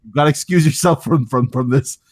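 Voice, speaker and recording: A man's voice: mid-range voice, a little fast. A man co-hosting a podcast in casual chat, often stammering through restarts and laughing hard. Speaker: podcast co-host.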